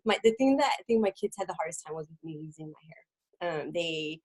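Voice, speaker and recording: A middle-aged woman speaks as a guest, recounting her own experience in a halting way. She fills gaps with ums and restarts her sentences, and her voice sinks almost to a whisper at the hardest parts. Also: low-pitched, expressive, darkish tone, breathy edge, low-quality recording. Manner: halting, many fillers and restarts, drops to a near whisper at hard moments. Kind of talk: personal testimony in an interview.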